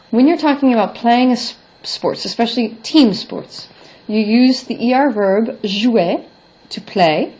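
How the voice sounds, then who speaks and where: In a recorded vocabulary lesson, a woman with a darkish, mid-range voice teaches French in English. She explains grammar step by step, modelling French words and then glossing them.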